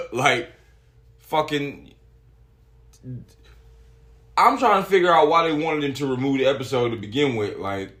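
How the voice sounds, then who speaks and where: A man hosting a solo podcast talks casually, swearing a lot and reading articles aloud in an animated way. His voice is medium-pitched and unhurried, with long pauses.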